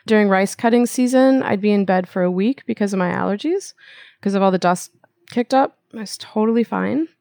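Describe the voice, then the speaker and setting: A woman's voice: mid-range voice, fairly quick, gravelly, mellow, dry recording. A woman guest telling a personal story and explaining with analogies in a casual interview. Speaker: acupuncturist guest.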